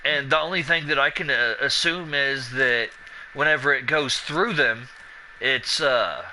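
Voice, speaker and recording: A man's voice: medium pitch, a little slow, slight background noise, rough recording. A man chatting casually over gameplay, swearing freely and acting out the people in his stories. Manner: profane, animated, acts out quoted dialogue. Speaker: gameplay commentator. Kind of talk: casual let's-play chat with storytelling.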